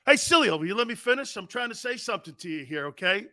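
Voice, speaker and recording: A middle-aged man hosting a sports talk show, reading viewer comments and hollering back at them with loud, teasing laughter. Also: high-pitched, sing-song, quick pace, dry recording.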